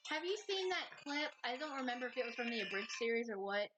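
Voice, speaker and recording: A woman's voice: on the high side, lively intonation, fast talker, music in the background. A young woman co-hosting a podcast in casual, profane chat, full of fillers and giggles. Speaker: podcast co-host. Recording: dull lo-fi sound.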